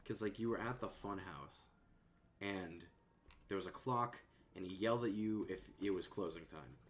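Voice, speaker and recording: A man streaming and chatting casually at a desk microphone in a rambling, laid-back way that often trails off softly. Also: low voice, normal speed, a little hiss or hum. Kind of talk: casual chat.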